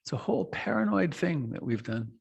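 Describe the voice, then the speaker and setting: A middle-aged man giving a reflective meditation talk, slow and soft, with long pauses and trailing lines. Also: a little high, big pitch swings, gravelly, breathy edge, lo-fi sound. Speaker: meditation teacher. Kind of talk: dharma talk.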